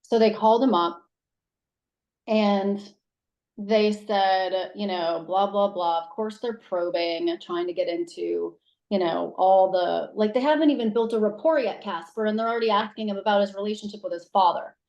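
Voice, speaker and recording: A woman in her thirties, a guest telling personal stories in casual conversation, acting out quotes with big jumps in pitch. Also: moderate pace, a little mellow, lo-fi sound. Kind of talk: casual interview storytelling. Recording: roomy echo.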